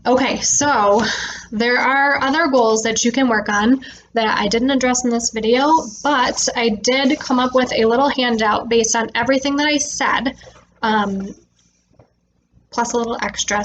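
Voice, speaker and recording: A woman speech therapist explaining reading tips to parents in a relaxed way, with frequent "um" fillers, slowing down to stress words when she models them. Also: on the high side, dull audio, a little hiss or hum. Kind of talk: instructional talk to parents.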